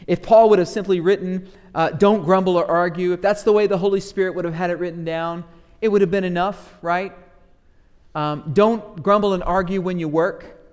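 A man preaching a sermon as pastor, animated, dropping into asides that mimic grumbling church members. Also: high voice, moderate pace, clean tone, long reverb tail.

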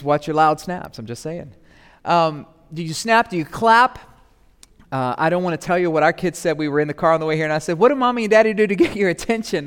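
A man in his thirties, a pastor giving a sermon, chatty and humorous at times, then rising to loud, emphatic proclamation. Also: on the high side, clear, resonant tone. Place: church sanctuary. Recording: long reverb of a church hall.

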